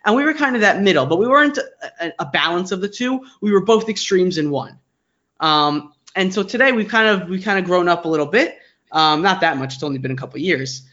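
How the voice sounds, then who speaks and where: Fast-talking young New York man. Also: high voice, dull audio. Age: 20s. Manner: excitable, rambling, restarts often. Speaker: guest, digital agency founder. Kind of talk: casual interview chat.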